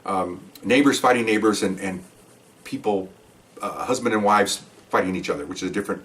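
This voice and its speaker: Picked up on a distant mic, the speaker is an older retired policeman spinning casual stories from his working days for the camera. He talks briskly and animatedly, pitching up to play the characters in his tales.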